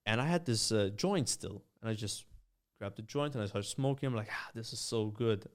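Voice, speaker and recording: A young man from Malta, a podcast guest telling rambling, animated anecdotes full of fillers. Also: lowish voice, moderate pace. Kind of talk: casual storytelling.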